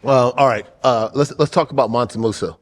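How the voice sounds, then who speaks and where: A man hosting a casual interview podcast, easygoing and asking his guest questions. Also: medium pitch. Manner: easygoing, asks questions with quick laughs. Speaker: podcast host.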